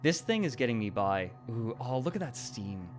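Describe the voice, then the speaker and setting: A man's voice: medium pitch, big pitch swings, normal speed. A man hosting a casual livestream, rambling and chatty and laughing often. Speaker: stream host. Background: faint music.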